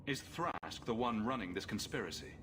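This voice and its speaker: A man voicing a calm, reasonable male hero in a fantasy video game, speaking level and questioning, with game music behind. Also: fairly low pitch, normal speed. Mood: measured.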